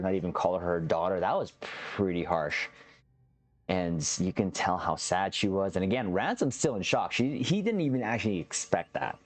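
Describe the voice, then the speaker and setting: A man hosting a reaction channel recaps a TV episode casually, talking straight to his viewers, whom he calls captains. His voice sits low at a moderate pace, and his delivery is loose and rambling with frequent restarts.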